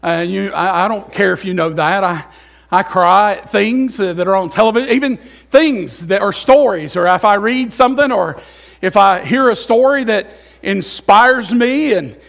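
A middle-aged male pastor preaching a sermon in a church, emotional, with swings between loud, fervent passages and quiet, musing asides. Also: high voice, normal speed, vocal fry. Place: church sanctuary.

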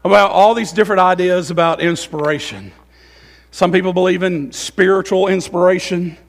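A middle-aged male pastor preaching a sermon in a church, emotional, with swings between loud, fervent passages and quiet, musing asides. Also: high-pitched, moderate pace, vocal fry. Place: church sanctuary.

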